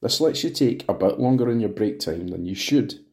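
A man's voice: on the low side, lively intonation, normal speed, a little mellow. A man voicing a wry, needling detective. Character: genial, needling male police detective.

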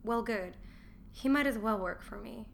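A woman reading the lines of a gruff, middle-aged Roman merchant who is contemptuous of his wife, in a scornful, grumbling manner, as an audiobook character voice. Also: a little high, normal speed, slight background noise.

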